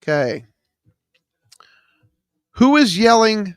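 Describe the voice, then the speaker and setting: Here the trivia host talks slowly in a fairly high, animated voice with vocal fry, pausing often. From his home studio he reads chat names and viewer answers aloud, peppered with ums. His studio mic captures no room sound.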